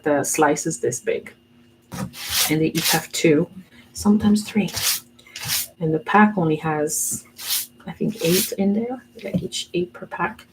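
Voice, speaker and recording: A woman in her thirties with a low, gravelly voice talks herself through a sketch and chats as she works. Her tone is mellow and unhurried, with a faint hiss of background noise on the recording. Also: poor audio. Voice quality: relaxed, musing aloud. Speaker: art vlogger. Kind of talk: casual chat while drawing and painting.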